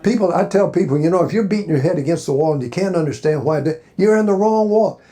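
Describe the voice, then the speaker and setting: In a hotel panel room, an older man from Alabama answers questions with meandering down-home tales and words of encouragement for the crowd. He talks fast in a fairly high, expressive, mellow voice.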